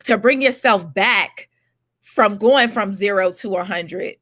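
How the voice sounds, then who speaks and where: Bright, slow-talking woman host. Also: medium pitch, no echo. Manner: eager, probing questions. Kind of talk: interview.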